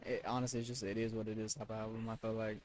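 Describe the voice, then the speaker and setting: A young man co-hosting a podcast, giving blunt, slangy opinions in quick back-and-forth chat. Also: fairly low pitch, monotone, a little mellow, slight background noise. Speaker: podcast co-host. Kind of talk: casual chat.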